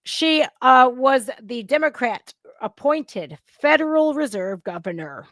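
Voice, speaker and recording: A woman talking straight into a close microphone in a dry, dead room, her voice sitting fairly high. She rants bluntly, swears freely and flares into sudden loud outbursts as she reacts to the news. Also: lively intonation, slow, no echo. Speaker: political commentary host. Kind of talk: casual reaction commentary.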